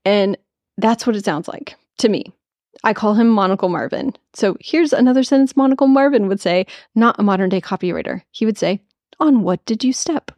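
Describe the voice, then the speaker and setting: A woman's voice: medium pitch, animated, brisk, darkish tone, no room sound. Chatty woman teaching copywriting, dry sound. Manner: chatty, upbeat, teacherly with playful asides. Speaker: podcast host teaching copywriting. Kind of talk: casual spoken lesson.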